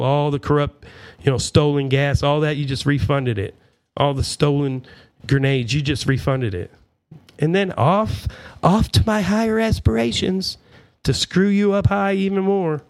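Gravelly man on an angry political rant. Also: mid-range voice, a little mellow. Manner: irate, profane, sarcastic; rambling with fillers and asides.

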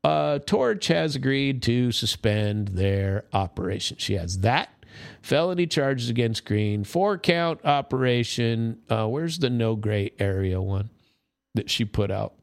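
A man's voice: medium pitch, expressive, a little slow, vocal fry, no echo, clean studio sound. A male radio talk show host giving blunt, indignant commentary, cursing now and then and often restarting his sentences. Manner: frequent stammered restarts.

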